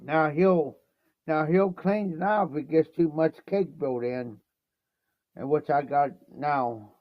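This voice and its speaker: A man's voice: on the high side, slow pace, dry recording. A man from Ohio telling a meandering story on a livestream, stacking up lots of "I said" and "he says". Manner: meandering, repeats "I said" and "he says" often. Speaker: livestream host. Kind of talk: rambling anecdote storytelling. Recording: dull lo-fi stream audio.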